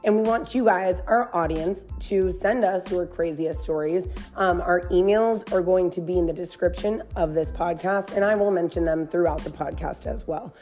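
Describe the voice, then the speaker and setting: A woman's voice: lowish voice, normal speed, hardly any pauses, mellow, faint music behind. A woman with a scratchy voice hosting a podcast, upbeat and casual, saying "like" often. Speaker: podcast host.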